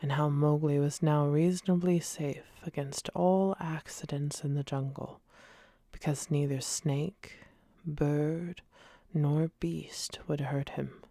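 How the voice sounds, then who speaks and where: A soft-spoken woman narrating a storybook in a whispered role-play for sleep. Her slow reading has a gravelly texture and drops into breathy unvoiced whispers. A close, dry mic catches every detail. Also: sits low, steady tone, no room sound. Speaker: ASMR storyteller. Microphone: close binaural studio mic.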